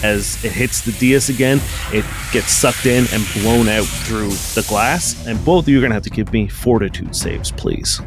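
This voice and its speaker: Halting man narrating a tabletop game. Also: lowish voice, music in the background. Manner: halting, with many restarts and "like". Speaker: game master. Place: home recording for an audio podcast.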